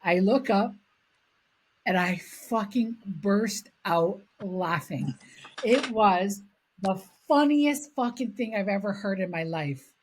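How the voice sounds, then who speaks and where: A woman from Canada chatting on a podcast, an animated storyteller who swears freely. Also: mid-range voice, slow, slight background noise, rough recording. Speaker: podcast host. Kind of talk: casual chat.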